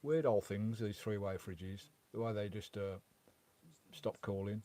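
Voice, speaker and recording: A man's voice: lowish voice, fairly even intonation, a little slow, warm tone. A man chatting casually on a live stream from his campervan, reading out chat messages in a rambling way with mild swearing. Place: parked in a campervan.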